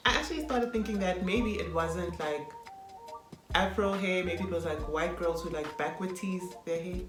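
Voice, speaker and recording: A woman from South Africa, a vlogger telling a story from her school days in a lively way and laughing often. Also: lowish voice, moderate pace, roomy sound, music in the background. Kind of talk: casual chat.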